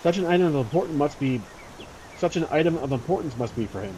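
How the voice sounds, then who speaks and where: A man voicing a wise old male shopkeeper in a tabletop game, speaking in a measured, quiet way. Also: fairly high pitch, animated, slight background noise, close to an everyday voice, rough recording. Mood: thoughtful.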